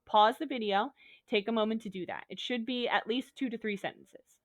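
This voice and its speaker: A woman's voice: fairly high pitch, a little fast, no room sound. A woman teacher giving a recorded online lesson, upbeat and a little goofy, talking students through examples step by step.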